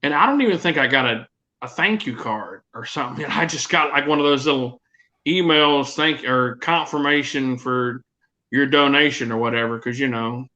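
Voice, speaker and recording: A man's voice: mid-range voice, normal speed, bright, forceful tone. A man hosting a podcast in casual chat, hesitant, with many restarts. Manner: hesitant, restarts before making a point. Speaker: podcast host. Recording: dull lo-fi sound.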